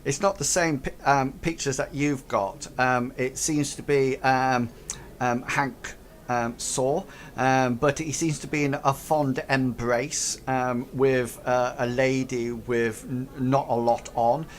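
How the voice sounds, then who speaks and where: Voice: medium pitch, fairly even intonation, takes it slowly, a little hiss or hum. A game master narrating a tabletop game, hesitant and full of fillers.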